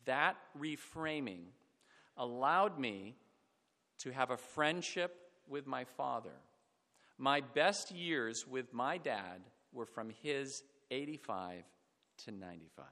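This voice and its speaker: A middle-aged man preaching a reflective sermon, falling to a hush on sad points. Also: mid-range voice, expressive, takes it slowly. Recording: long hall reverb.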